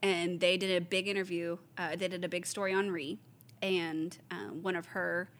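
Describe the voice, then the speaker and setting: A woman's voice: on the low side, flat delivery, moderate pace, fairly bright tone. Woman, store owner, chatty anecdotes, acts out quoted voices, laughs often. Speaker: store owner telling stories. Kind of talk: casual chat.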